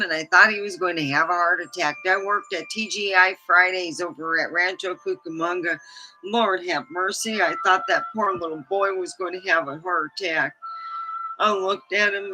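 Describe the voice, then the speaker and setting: A woman's voice: on the low side, fairly even intonation, moderate pace, bright, forceful tone, faint music behind, rough recording. A middle-aged woman hosting a livestream, telling stories casually, chatty and laughing often as she acts out quotes. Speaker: livestream host. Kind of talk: casual storytelling.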